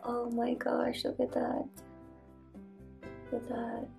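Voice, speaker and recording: A woman unboxing gifts for her vlog, unhurried and gushing with delight, thanking the sender again and again. Her voice rings in an echoey room with faint music underneath. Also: on the high side, vocal fry. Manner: gushing, excited, thanks repeatedly.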